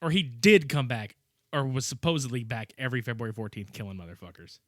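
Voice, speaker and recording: A male podcast host in casual chat, animated and profane, laughing often as he recaps a movie. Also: medium pitch, fast, dry recording, clean studio sound.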